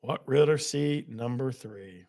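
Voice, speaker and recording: A man's voice: medium pitch, measured pace, gravelly, a little mellow. A man hosting a live quiz with game-show countdowns, laughing often at his own jokes. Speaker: host.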